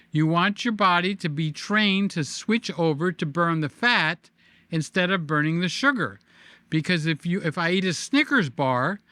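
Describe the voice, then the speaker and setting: A man's voice: on the high side, bright, forceful tone, dry recording. A middle-aged man hosting a casual vlog, talking animatedly to camera, joking and repeating himself. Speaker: vlogger host. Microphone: desk microphone.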